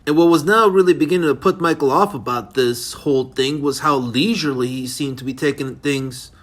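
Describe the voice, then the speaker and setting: A man's voice: medium pitch, a little fast, fairly bright tone. A man narrating his own thriller novel as an audiobook, reading unevenly with small slips and self-corrections.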